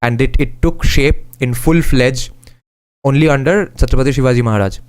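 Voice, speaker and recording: A man with an Indian accent talks through a book as a channel host, reading passages aloud and breaking off with quick remarks of his own. His voice is clean and smooth, sitting at an ordinary middle pitch. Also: darkish tone. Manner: reads passages then adds quick remarks, switching into Hindi. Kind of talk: casual commentary and reading aloud.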